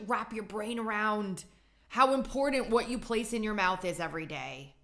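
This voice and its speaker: A woman hosting a podcast, talking in an emphatic, animated way in a casual chat. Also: mid-range voice, moderate pace. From Italian heritage. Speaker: podcast host.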